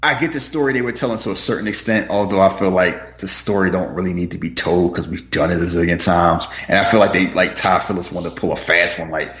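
A man's voice: low-pitched, animated, fairly quick, hardly any pauses, fairly bright tone. A man in casual chat about a movie, rambling and opinionated with lots of fillers. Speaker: movie podcast co-host. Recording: roomy echo.

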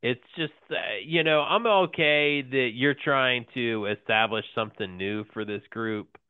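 A man co-hosting a casual podcast, talking haltingly with lots of fillers and frequent laughs. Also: medium pitch, clear, resonant tone, no room sound. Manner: halting, many fillers and restarts, laughs often. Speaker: podcast co-host. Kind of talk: casual wrestling podcast chat. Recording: tinny phone-like line, dry.

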